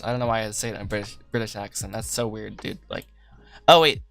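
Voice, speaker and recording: Rambling streamer guy, bright and laughing, light music under him. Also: fairly low pitch, steady tone, a little fast, creaky. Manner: rambling, self-deprecating, laughs often. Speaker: livestream host, animator. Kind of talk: casual livestream chat while working. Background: soft lofi music.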